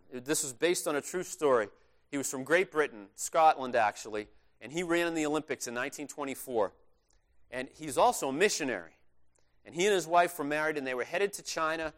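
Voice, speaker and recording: A male pastor preaching a sermon in a conversational, earnest way, stressing his key points. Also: on the high side.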